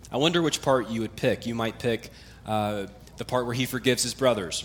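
A man's voice: medium pitch, fairly bright tone. A man preaching a sermon as pastor, in a conversational, explanatory manner with emphatic repetition, often letting his voice fall away at the ends of phrases.

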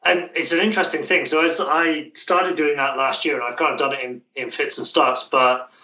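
A man's voice: on the high side, fairly even intonation, normal speed, pushed and bright. A man from Britain, a language coach, talking as an interview guest in a thoughtful way with many restarts. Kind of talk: casual interview conversation. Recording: echoey room, distant mic.

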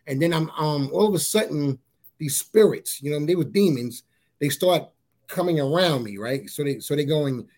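A man sharing a personal testimony in a casual interview, halting and repeating his words as he tells it. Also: husky. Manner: halting, repeats words, often says "you know what I'm saying"; grows animated at high points.

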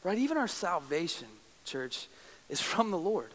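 A man's voice: high-pitched, big pitch swings, normal speed, a bit bright. A young adult male pastor preaching a sermon, emotive and storytelling with self-deprecating humor. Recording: long reverb of a large hall.

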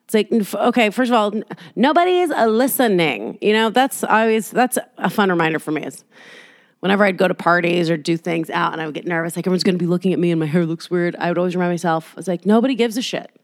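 A woman's voice: on the low side, quick pace, no echo, clean studio sound. A woman hosting a solo podcast from her apartment, rambling candidly and swearing freely. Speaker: podcast host. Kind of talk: casual solo podcast monologue. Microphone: laptop.

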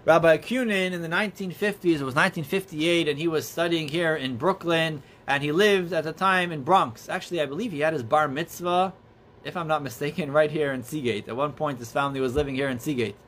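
A man earnestly telling religious stories as a teacher, in a halting, storytelling way. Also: a little high, a bit bright, a little hiss or hum. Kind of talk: storytelling talk.

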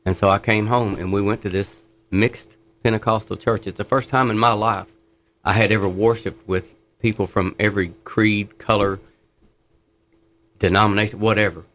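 A man's voice: fairly low pitch, fairly even intonation, moderate pace, a bit bright. A middle-aged man sharing his faith testimony in conversation, fervent and earnest, telling stories with laughs.

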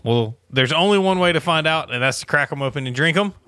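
A man co-hosting a casual beer podcast, laughing often and agreeing quickly. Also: on the high side, expressive, sharp tone, clean tone, dry recording. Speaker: podcast co-host. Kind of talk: casual chat.

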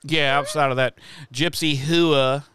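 A man co-hosting a podcast, casually recapping a TV episode in a profane, animated way. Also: on the high side, unhurried, clear, resonant tone, dry recording. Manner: profane, animated retelling with quoted voices.

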